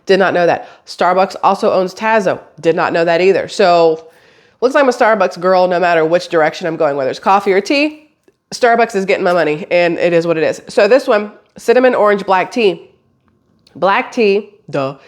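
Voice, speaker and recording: A woman, a mother, chatting casually to camera as a vlogger, rambling and swearing lightly. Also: mid-range voice. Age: adult, has a daughter.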